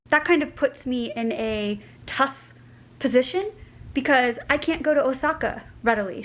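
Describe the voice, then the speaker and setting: A woman's voice: on the high side, rough recording. An American woman vlogging to camera in a casual, rambling way, full of "like" fillers. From United States.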